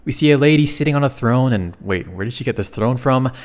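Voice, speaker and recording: A man's voice: mid-range voice, lively intonation, fast, big-room sound. Man recapping a comic with joking asides. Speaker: recap narrator. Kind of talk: comic story recap narration.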